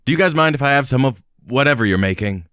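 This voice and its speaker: A man's voice: mid-range voice, lively intonation, fast talker, fairly bright tone, clean tone, no room sound, studio quality, voice pushed up, close to an everyday voice. A man voicing a casual, eager young traveler from the American Midwest in an audiobook.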